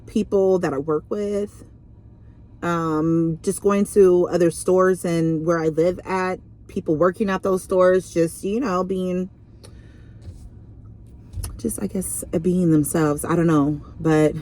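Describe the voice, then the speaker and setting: A woman's voice: fairly low pitch, steady tone, slow, mellow. A young woman reading tarot in a casual vlog, chatty and rambling, full of fillers and restarts. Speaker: tarot reader.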